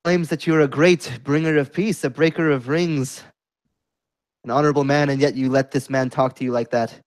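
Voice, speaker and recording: A proud foreign warrior sneers at his hosts with slow, scornful taunts, as a man puts him on. The voice is mid-pitched and sounds dry and close. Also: steady tone, dry recording, close to an everyday voice. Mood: taunting. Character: arrogant foreign male warrior, contemptuous.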